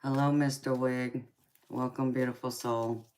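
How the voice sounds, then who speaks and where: On a live stream, a tarot reader born in California and raised in Georgia chats casually with viewers in a Southern American accent, calling them honey and sweetheart and laughing often. Her voice is extremely low and a little mellow, with a flat delivery at a measured pace.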